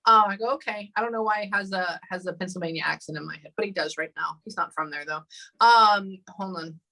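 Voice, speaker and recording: A woman's voice: on the low side, sharp tone, low-quality recording. A woman working as a psychic medium during a live reading session, often stopping to say hold on and um. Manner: halting, often pausing with hold on and um.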